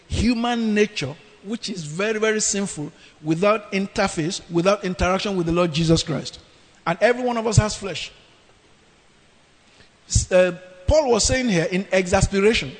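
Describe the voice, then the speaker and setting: A man preaching a sermon, emphatic and dramatic in his scripture reading. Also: high voice. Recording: long reverb of a hall.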